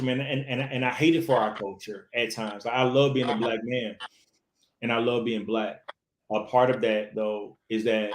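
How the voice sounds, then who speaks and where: Man, actor guest, casual animated storytelling, lots of restarts, echoey room, background noise. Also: medium pitch. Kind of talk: casual interview talk.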